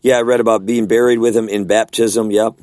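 A man's voice: on the low side, little pitch movement, fairly quick, darkish tone, no room sound. A man leading a casual Bible study discussion, talking earnestly and conversationally and often checking in with rhetorical questions.

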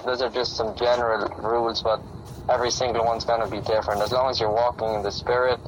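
A man speaking fast and earnestly in a casual group talk, tripping over and restarting his sentences. He is recorded outdoors, and clear traffic noise runs behind him. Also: mid-range voice, flat delivery, low-quality recording. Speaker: fellow street preacher.

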